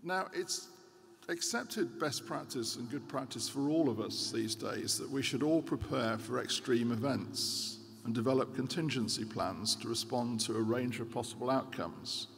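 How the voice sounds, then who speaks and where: A man in his sixties giving a formal keynote speech as a central bank governor, measured and earnest with occasional hesitations. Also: mid-range voice, vocal fry, fairly bright tone, breathy edge. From United Kingdom. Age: 60s. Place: large conference hall. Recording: reverberant hall with faint background noise.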